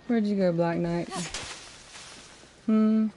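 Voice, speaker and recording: A woman streaming a video game, chatting casually with viewers, swearing freely and greeting them warmly by name. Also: low-pitched, a little slow, muffled recording, slight background noise. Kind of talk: casual live-stream chat while gaming. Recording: clear game music underneath. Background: game music.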